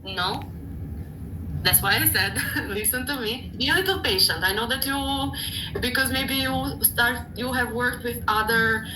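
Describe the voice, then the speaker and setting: A woman's voice: fairly high pitch, a little slow, noisy background. A woman with an Italian accent, a native Italian speaker, patiently teaching and correcting pronunciation in a casual online lesson. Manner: patient, correcting, explains with hesitant English. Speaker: Italian tutor.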